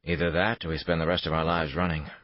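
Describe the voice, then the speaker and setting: A man voicing a sarcastic, guarded male private investigator in an audiobook thriller, with a husky voice. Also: deep voice, level tone, fast talker, no room sound, highs cut off. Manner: sarcastic, exasperated.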